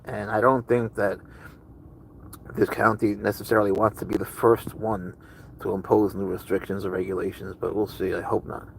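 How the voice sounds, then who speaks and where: Man, livestream host, casual rambling chat, gravelly voice, faint background noise. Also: fairly low pitch, level tone, normal speed, poor audio. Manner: rambling, chatty, answers viewer chat. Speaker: livestream host with pet cat.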